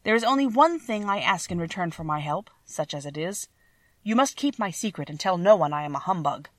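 A woman's voice: lowish voice, animated, brisk, no echo. Woman reading an old meek humbug wizard. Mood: earnest. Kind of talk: audiobook reading.

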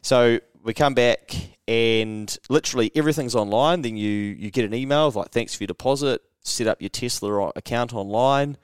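A man's voice: medium pitch, normal speed, few pauses, clear, resonant tone, no room sound, clean studio sound. Swearing New Zealand man telling a story. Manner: swears freely, acts out quotes with animated voice jumps. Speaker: podcast co-host. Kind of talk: casual storytelling chat.

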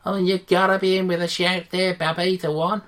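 A woman plays a pushy male sports radio reporter who gushes loudly over every answer. It is a comedy sketch. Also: fairly low pitch, little pitch movement, brisk, close to an everyday voice. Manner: loud, gushing, pushy.

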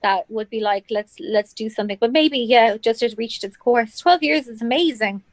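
A woman in a casual podcast chat, making wry quick remarks. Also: fairly high pitch, no echo. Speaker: podcast participant.

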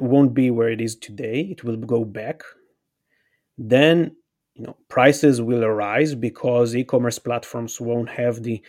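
A man's voice: mid-range voice, darkish tone. A man, a company chief executive, answering interview questions in an earnest, persuasive way and appealing directly to the listener. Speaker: company CEO, interview guest.

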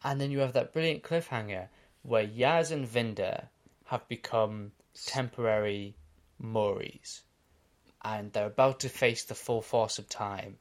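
An Australian man co-hosting a casual podcast, recapping episodes in a quick, animated way. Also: fairly low pitch. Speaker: podcast co-host.

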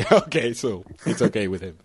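A man's voice: lowish voice, lively intonation, moderate pace, slight background noise. A man from France, hosting a casual podcast chat, joking and often correcting himself mid-sentence. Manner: rambling, self-correcting, joking. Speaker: podcast host.

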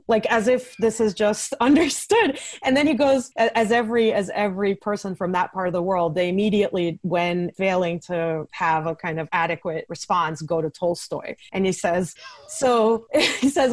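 A woman's voice: mid-range voice, normal speed, no room sound. A woman researcher talking through her archive findings in an interview, thoughtful, with lots of restarts and fillers and frequent laughs. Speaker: guest researcher. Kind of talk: academic interview conversation.

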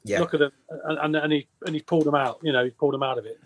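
Fast-talking man, dry close sound. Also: a little high, no echo. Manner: rambling, repeats himself. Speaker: podcast guest. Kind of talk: casual chat.

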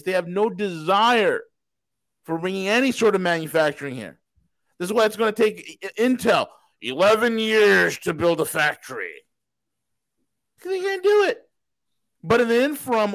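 A man's voice: sits high, fairly bright tone, no echo, poor audio. A man hosting a podcast, giving a casual but heated markets commentary, asking himself rhetorical questions and swearing for emphasis. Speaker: podcast host.

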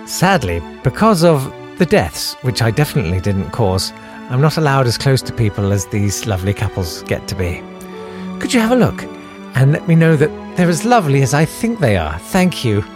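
A man playing a creepy older radio presenter, soft, lingering and falsely sweet. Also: medium pitch, very animated, normal speed, music in the background, lightly acted. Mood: sugary.

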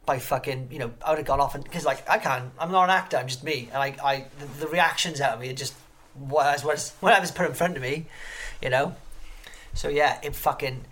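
A man's voice: fairly high pitch, fast talker, fairly bright tone. A man in a casual interview, telling rambling stories full of swearing and restarts. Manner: profane, rambling storyteller; swears constantly. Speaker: guest.

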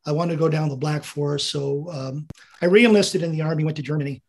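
An American veteran in his seventies, interviewed as a guest, talks at a quick pace in a creaky, slightly mellow voice of fairly high pitch. His anecdotes ramble, sprinkled with chuckles and quoted dialogue.

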